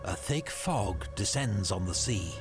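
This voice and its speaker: A man giving a measured, dramatic scripted narration for a history documentary. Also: fairly low pitch, lively intonation. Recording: documentary clip played back with music. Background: music.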